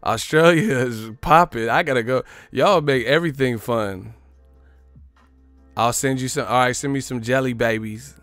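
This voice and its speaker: A man's voice: medium pitch, normal speed, a bit bright, no echo, soft background music. A man hosting a boxing livestream, cursing, joking and laughing often in casual banter.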